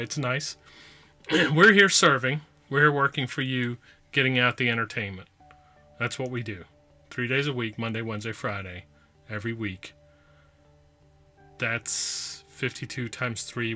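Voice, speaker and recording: A man's voice: medium pitch, pushed and bright. A man hosting his own podcast, talking casually and playfully with lots of repetition and asides. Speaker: podcast host. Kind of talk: casual solo review.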